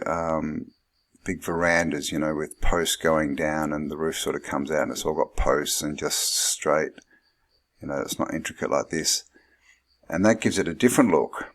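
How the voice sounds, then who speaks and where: Low, gravelly man musing aloud. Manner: rambling, thinking aloud with many fillers. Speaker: channel host. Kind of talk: musing commentary over old photographs.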